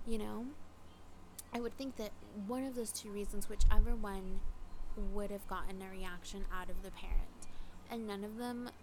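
A woman's voice: mid-range voice, noisy background. Chatty young woman telling a story. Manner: chatty, animated retelling with many fillers. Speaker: podcast host. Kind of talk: casual storytelling.

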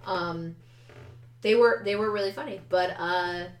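A woman's voice: mid-range voice, a little slow, reverberant. A woman hosting a podcast, chatting casually and hesitantly, trailing off with fillers. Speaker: podcast host. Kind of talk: casual chat.

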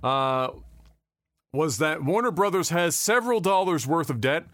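A man's voice: a little high, expressive, unhurried, fairly bright tone, dry recording, studio quality. A man co-hosting a casual podcast chat, talking animatedly, swearing often and restarting his sentences. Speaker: podcast co-host.

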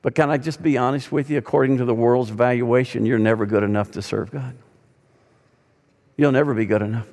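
A man's voice: mid-range voice, fairly even intonation, brisk. Male pastor preaching in a reverberant hall. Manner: dynamic preaching, swinging from loud to hushed. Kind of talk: sermon. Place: church sanctuary.

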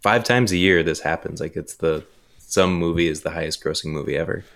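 A man chatting on a podcast in a halting, laid-back way. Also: sits low, fairly bright tone. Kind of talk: casual podcast chat.

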